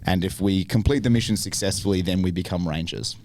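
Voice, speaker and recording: A man's voice: low-pitched, fairly quick. A young Australian man, an actor on a podcast, telling a story in casual chat, swearing freely and acting out the other people's lines. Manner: swears freely, acts out the other voices in his stories; restless and animated when he retells the big moments.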